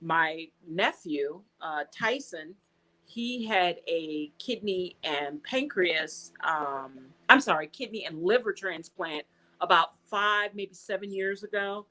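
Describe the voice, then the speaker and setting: An American woman being interviewed, telling a personal story in a casual, animated way and acting out the dialogue she quotes. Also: on the low side, takes it slowly, poor audio. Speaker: guest.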